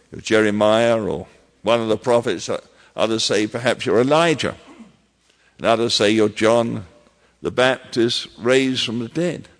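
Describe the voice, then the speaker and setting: Slow-preaching man in a reverberant hall. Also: medium pitch, fairly bright tone. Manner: measured preaching with emphatic repetitions. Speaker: pastor. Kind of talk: sermon.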